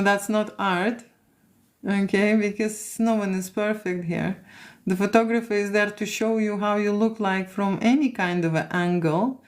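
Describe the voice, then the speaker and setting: A woman's voice: mid-range voice, darkish tone. A woman from Lithuania with a Lithuanian accent, a photographer chatting casually on a livestream and reading out comments, with many "okay?" and "you know" fillers.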